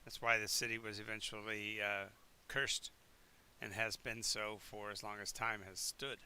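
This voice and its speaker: A man narrating as game master of a tabletop game on a live stream, explaining the world in a halting way with many restarts. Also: fairly low pitch, level tone, sharp tone, a little hiss or hum. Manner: halting, with many restarts and fillers while checking the map.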